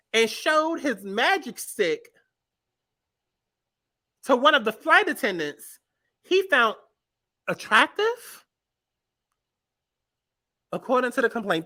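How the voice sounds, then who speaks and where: Animated, bright-voiced woman host. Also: fairly high pitch. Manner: animated, profane, exasperated riffing. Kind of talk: comedic commentary.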